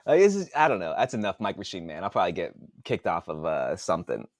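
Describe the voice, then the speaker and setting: A man's voice: deep voice, big pitch swings, quick pace, dry recording, clean studio sound. A man in his forties chatting casually on a live stream, rambling and muttering to himself as he works on a computer, swearing freely. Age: 40s. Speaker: author and podcast host. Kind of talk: casual live-stream chat while working.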